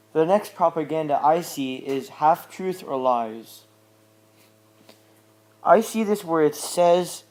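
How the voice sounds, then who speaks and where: Teen boy, slightly high voice, halting school presentation, plain delivery with lots of filler. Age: teens. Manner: halting and plain, often says "pretty much" and "just". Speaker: student presenter. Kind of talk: class presentation analyzing posters.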